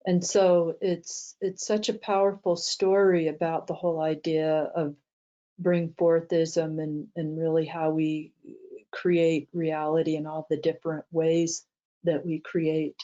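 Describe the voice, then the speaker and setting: A woman's voice: low voice, mellow, dull audio. A woman teaching a mindset talk, telling an anecdote with many fillers and restarts. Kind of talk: storytelling talk to an audience.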